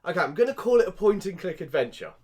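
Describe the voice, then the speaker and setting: Animated podcast co-host. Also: male voice, sits high, fast talker. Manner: animated storyteller, acts out his reactions. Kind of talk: casual chat.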